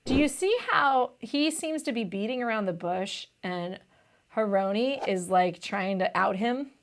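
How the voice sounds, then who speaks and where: A woman's voice: mid-range voice, animated, a little slow. A young woman tutor explaining test questions in a chatty, casual way, often saying "vibe" and "like".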